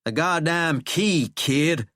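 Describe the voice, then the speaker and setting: A man's voice: on the high side, slow pace, fairly bright tone, no room sound, clean studio sound, voice pushed up. A man voicing a shackled, cursed man who is wry, sardonic and coaxing, with a folksy way of talking. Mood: bitter.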